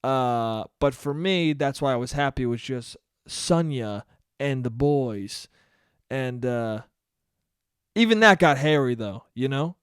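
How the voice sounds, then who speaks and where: A man's voice: medium pitch, lively intonation, slow pace, smooth, no room sound, clean studio sound. A young man hosting a solo podcast, telling a rambling, profane, self-mocking story. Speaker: podcast host. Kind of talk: casual solo podcast monologue.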